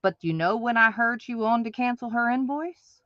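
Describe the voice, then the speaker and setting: A woman's voice: a little high, moderate pace, no echo, dull audio. A woman hosting an online craft market, ranting in an emphatic, repetitive, indignant way to her viewers. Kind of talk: ranting livestream monologue.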